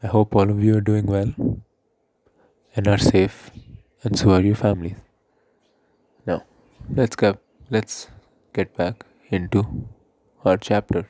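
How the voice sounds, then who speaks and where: A male teacher with an Indian English accent, explaining a poem in an online English lesson in a slow, careful way. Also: on the low side, level tone, dark tone, no room sound. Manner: slow, explanatory, reads poem lines aloud.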